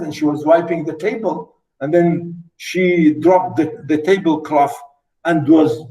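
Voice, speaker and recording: A man lecturing on a short story: he reads a passage aloud, then explains it in his own words with many "you know"s, and now and then acts out the characters' lines in loud, high bursts. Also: low-quality recording. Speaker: literature lecturer.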